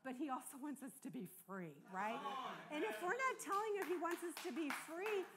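A woman's voice: high-pitched, expressive, moderate pace, heavy background noise. Earnest older woman preaching. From United States. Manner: conversational, earnest, asks the congregation for agreement. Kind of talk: sermon.

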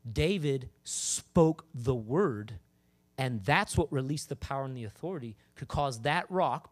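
Emphatic man preaching a sermon. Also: a little high. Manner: animated, emphatic, calls out to the congregation. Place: church with congregation.

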